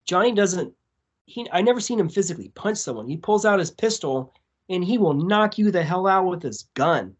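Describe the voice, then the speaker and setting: A man guesting on a podcast, telling a story in a casual, profane, animated way. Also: high-pitched, moderate pace. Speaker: tattoo artist.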